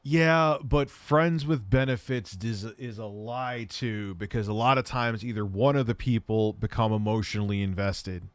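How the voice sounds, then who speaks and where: A man's voice: fairly low pitch, moderate pace, hardly any pauses, smooth, dry recording. A man in his thirties hosting a livestream, answering chat questions in candid, rambling, self-deprecating stories.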